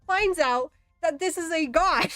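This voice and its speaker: High-pitched young woman rambling and cussing while she draws, laughs a lot. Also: measured pace, sharp tone, no echo, studio quality, faint music behind. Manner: profane, laughing often, storytelling. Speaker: artist streamer. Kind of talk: casual chat while drawing.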